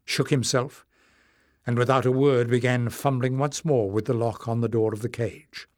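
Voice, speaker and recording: Sex: man. Role: steady audiobook narrator. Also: medium pitch, moderate pace, dry recording, clean studio sound. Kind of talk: scripted narration.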